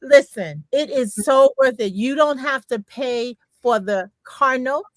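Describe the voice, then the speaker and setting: Older woman, beauty consultant, chatty livestream testimonial, emphatic repeats, slightly high voice, dry close sound. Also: unhurried, dry recording. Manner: animated storyteller, emphatic repetition.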